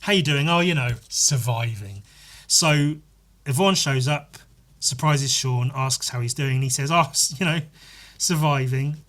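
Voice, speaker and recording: A young man hosting a podcast, talking through a film in a casual, animated way, swearing freely and acting out quoted lines. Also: a little high, moderate pace. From United Kingdom. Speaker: podcast host. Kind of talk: casual film-analysis monologue.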